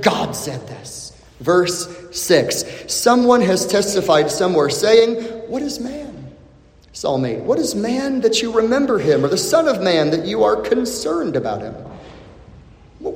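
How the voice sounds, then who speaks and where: A man preaching a sermon, expressive and dramatic, repeating questions for emphasis with long pauses. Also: high-pitched. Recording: echoey hall with long reverb.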